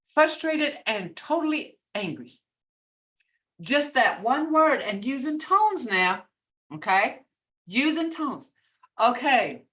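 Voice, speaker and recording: A woman's voice: fairly high pitch, a bit bright, distant mic. An older woman teaching a beginner language class online, patiently repeating words to show how tone changes their meaning. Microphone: video call.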